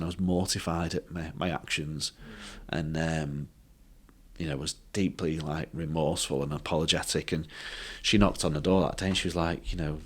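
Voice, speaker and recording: Deep-voiced man. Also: steady tone. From England. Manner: halting, with many fillers and restarts. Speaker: podcast guest. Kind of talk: personal storytelling.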